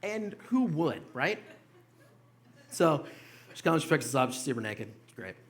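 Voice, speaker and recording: A man's voice: a little high, sing-song, a little slow, slight background noise. A young man doing a stand-up set in a small comedy club, telling loose, profane stories with mocking quoted voices.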